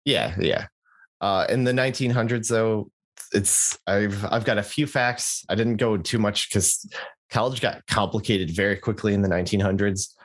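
A man's voice: fairly low pitch, normal speed. A young man co-hosting a podcast, chatting casually with jokey asides and lots of fillers and restarts. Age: young adult. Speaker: podcast co-host.

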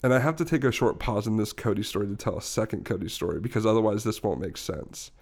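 A man's voice: fairly low pitch, fast talker, darkish tone. Young man rambling through a funny story. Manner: rambling, laughs often while telling a story. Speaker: podcast co-host. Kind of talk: casual storytelling chat.

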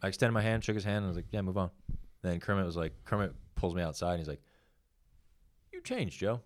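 A man's voice: low-pitched, rapid-fire. A young man, a comedian co-hosting a podcast, telling long rambling stories in casual, profane chat.

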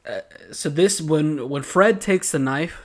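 A young man with a South Georgia accent jokes and needles his co-host in casual podcast talk. His voice sits a bit higher than most men's. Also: measured pace. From Georgia, USA. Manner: teasing, joking banter. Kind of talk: casual recap chat.

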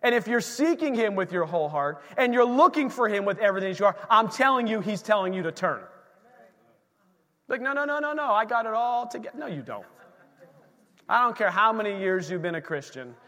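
A male pastor preaching a lively sermon to his congregation, calling out to the church for responses. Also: high-pitched, brisk, in a large hall. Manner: energetic, call-and-response preaching. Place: church sanctuary.

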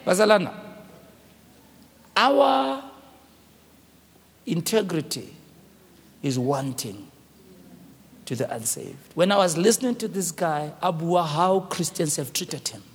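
Impassioned high-voiced preacher. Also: male voice, very animated, takes it slowly, long pauses, slight background noise. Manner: impassioned preaching with personal storytelling. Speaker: pastor. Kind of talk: sermon. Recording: long hall reverb.

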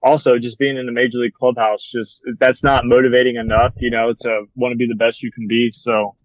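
A young man, a former bat boy, telling a story in casual chat, with lots of fillers and a relaxed manner. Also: medium pitch, brisk, dry recording, dull audio. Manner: relaxed, rambling, many fillers like "like" and "you know".

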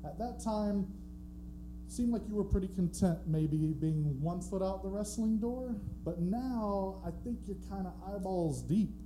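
A man's voice: high-pitched, measured pace, noisy background. A man co-hosting a live podcast on a theatre stage, asking questions in a jokey, upbeat way. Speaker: co-host.

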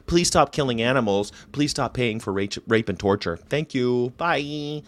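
A middle-aged man ranting sarcastically in a casual monologue, jumping between loud outbursts and low mutters. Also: moderate pace, hardly any pauses. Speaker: vegan commentary host.

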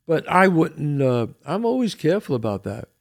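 An older man hosts a casual podcast chat in a gravelly voice that swings up and down as he tells stories. He talks in a streetwise, old-school way and often repeats his words as he goes. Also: a little high, moderate pace. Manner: animated storyteller, repeats words, street-wise. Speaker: podcast host.

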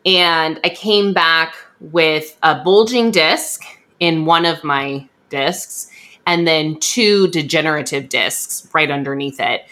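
A young woman hosting a podcast, telling a story in a chatty, animated way and acting out what others said. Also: low-pitched, slow pace. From USA. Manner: chatty, animated, acts out quoted voices. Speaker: podcast host. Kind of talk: casual storytelling chat.

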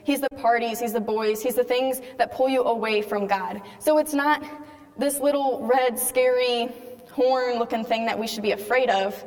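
A woman's voice: a little high, fairly even intonation, normal speed. A young woman telling an earnest faith testimony to a live audience, casual in tone with many "like"s. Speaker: speaker giving a faith testimony. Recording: long hall reverb.

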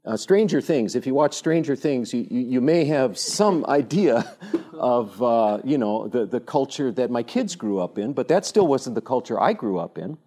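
A man in his sixties speaking to a younger audience in an animated, rambling storytelling way, full of fillers and restarts. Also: mid-range voice, normal speed. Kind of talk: informal talk with anecdotes.

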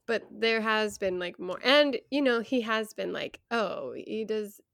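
A woman's voice: mid-range voice, lively intonation, measured pace, gravelly, a bit bright, no echo, clean studio sound. A young adult woman co-hosting a podcast, talking frankly and earnestly with frequent laughs. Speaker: podcast co-host. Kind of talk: casual chat.

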